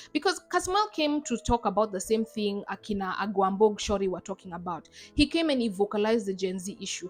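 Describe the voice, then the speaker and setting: A woman's voice: medium pitch, lively intonation, moderate pace, few pauses, soft background music. A young adult woman from Zimbabwe giving emphatic, sarcastic commentary in a vlog. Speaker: YouTuber.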